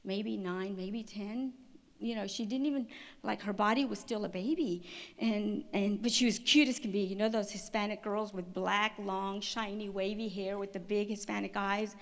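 Woman giving a lively testimony talk. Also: mid-range voice. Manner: lively storytelling, quick restarts and laughs. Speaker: conference speaker. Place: stage at a women's conference.

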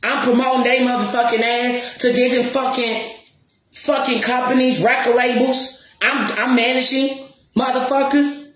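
A high-voiced woman with a flat delivery and moderate pace rants straight into the camera. As a spiritual counselor and music promoter, she's profane and defiant, repeating and stressing her words, and the recording has a roomy echo.

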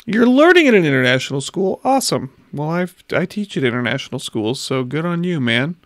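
A man in his thirties talks to chat while playing a space game on a home livestream, using a desk mic. His fairly high voice is very animated, a little fast and a bit bright. The recording is dry and studio-clean.

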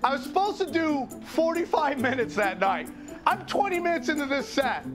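A male stand-up comedian telling a crude, animated anecdote in an interview. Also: very high voice, moderate pace, music in the background. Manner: crude, animated, acts out voices.

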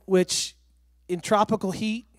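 A high-voiced man gives a heartfelt testimony from a church platform, speaking emphatically and near tears. His voice sounds close and dry, with hardly any room echo. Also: slow. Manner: excitable, emphatic, breaking toward tears. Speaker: missionary and former pastor. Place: church sanctuary.

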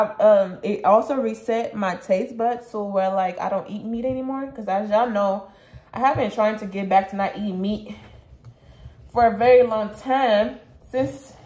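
A woman's voice: medium pitch, darkish tone, roomy sound. A woman vlogger chatting casually to her viewers, calling them y'all and baby. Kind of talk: casual chat to camera.

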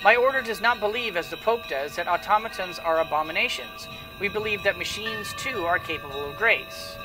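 A devout, quietly menacing nun speaks with calm, portentous certainty, as a man puts her on. The voice lifts high and sounds a little distant from the mic. Music plays clearly underneath. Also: a little fast, natural voice.

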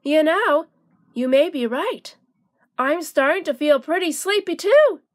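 A woman's voice: high-pitched, expressive, a little slow. A woman reading aloud voices a young male worm who is eager and full of wonder.

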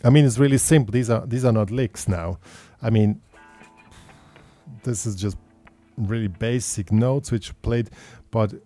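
A man's voice: fairly low pitch, measured pace, dark tone, dry recording. Man teaching guitar over backing music. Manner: patient, explains step by step with simple phrasing. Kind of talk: instructional guitar lesson. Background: guitar playing and backing track.

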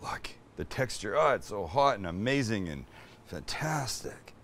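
A Canadian man with a fairly low, fairly bright voice hosts a laid-back home-kitchen cooking demonstration at normal speed. He's animated, chatty and enthusiastic, sometimes swearing, and a little hiss or hum is audible.

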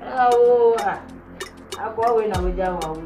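A woman with a Ghanaian accent playing a friend who scolds and then soothes, repeating calming words. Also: on the high side, a little slow, close to an everyday voice. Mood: soothing. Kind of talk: film acting in Twi and English. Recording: echoey hall with loud music.

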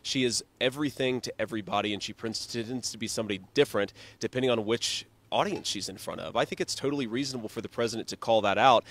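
A man's voice: mid-range voice, fast, hardly any pauses, fairly bright tone. A middle-aged male politician answering a reporter's questions in a firm, insistent way. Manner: firm, insistent, repeats talking points. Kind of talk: news interview answers.

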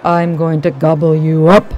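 A woman voicing an enormous, horrible male troll who lives under a bridge, speaking gruffly and menacingly. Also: low-pitched, flat delivery, unhurried, a little mellow, dull audio, soft background music.

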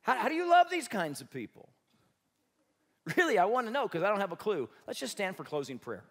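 A male pastor preaching a sermon, animated, swinging between loud emphatic bursts and soft asides, joking with the congregation. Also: high-pitched, a little fast.

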